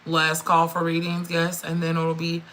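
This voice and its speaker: A middle-aged woman giving a frank, swearing, animated live-stream tarot reading, calling her viewers girl and friend. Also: on the low side, moderate pace, slight background noise, low-quality recording. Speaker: tarot reader.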